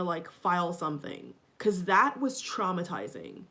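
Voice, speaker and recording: A woman's voice: lowish voice, sing-song, measured pace, few pauses, a bit bright. A woman vlogging into her phone in her kitchen, upset and agitated, repeating herself and swearing as she talks to her viewers. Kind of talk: casual vlog rant. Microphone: phone camera.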